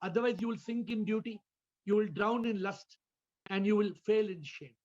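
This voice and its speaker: A man's voice: high voice, moderate pace, darkish tone, muffled recording. A man, a spiritual teacher, giving a question-and-answer talk over a video call, often repeating words and asking listeners questions.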